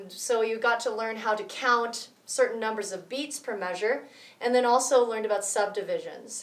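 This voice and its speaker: A woman explaining rhythm in a drum lesson at a cultural center, counting beats aloud in a friendly way. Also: mid-range voice. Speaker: music teacher. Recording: roomy echo, mic far off.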